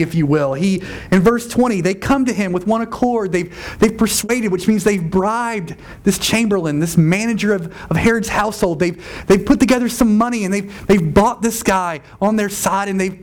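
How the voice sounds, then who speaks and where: Pastor type, man, high-pitched voice, casual but emphatic sermon delivery, repeats himself for stress. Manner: conversational, emphatic, repeats phrases.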